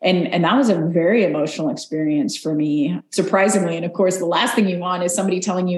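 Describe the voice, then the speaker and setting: A woman interview guest, an Army reservist, telling stories in an earnest, animated way and acting out quoted voices. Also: lowish voice, fast, hardly any pauses, reverberant, slight background noise. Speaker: podcast guest, Army Ranger. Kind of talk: conversational interview.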